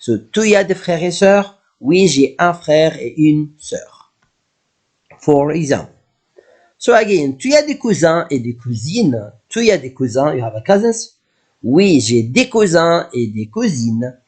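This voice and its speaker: A man whose first language is Arabic gives a beginner French lesson at an unhurried, deliberate pace. He explains in English and says the French words slowly, over and over. His voice sits a little high for a man. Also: sing-song, a little mellow, husky. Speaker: French teacher. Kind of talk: slow classroom language lesson.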